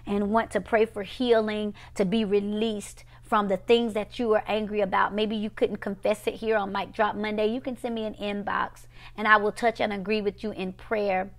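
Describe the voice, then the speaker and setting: Impassioned woman preacher, gravelly voice. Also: mid-range voice, flat delivery, moderate pace, few pauses. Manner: impassioned, swings from loud declarations to hushed whispers. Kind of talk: live-streamed sermon and prayer.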